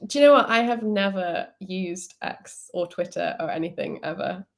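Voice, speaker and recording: A woman's voice: on the low side, normal speed, creaky. A woman from Wales with a neutral British accent, answering questions as a guest and laughing often. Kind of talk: casual interview chat.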